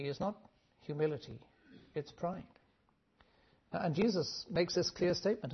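Preacher guy, kinda husky voice, slow earnest sermon, restarts a lot. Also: on the high side, highs cut off. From Wales.

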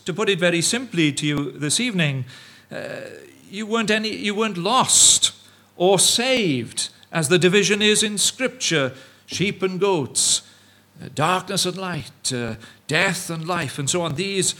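A man preaches an evening sermon in a voice on the higher side for a man. He speaks haltingly, full of fillers and restarts, and mimics the views he argues against in quoted asides. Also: fairly bright tone.

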